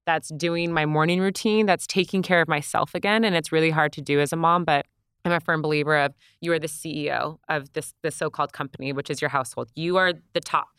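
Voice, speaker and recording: A woman's voice: deep voice, fairly even intonation, fast, fairly bright tone, smooth, no echo, studio quality. A woman guest on a podcast, a mom talking in an emphatic, motivational way and acting out what others say. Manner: emphatic, motivational, acts out quoted voices. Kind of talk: casual chat.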